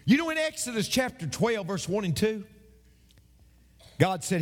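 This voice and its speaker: High, lively man preaching slowly. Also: in a large hall. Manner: emphatic preaching with dramatic pauses and repetition. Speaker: pastor. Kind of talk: sermon.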